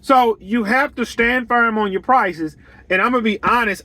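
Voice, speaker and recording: Blunt, bright-voiced man giving business talk. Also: extremely high pitch, moderate pace, no echo. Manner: blunt and emphatic, repeats his points. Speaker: lawn care business owner. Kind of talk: straight-talking business advice monologue.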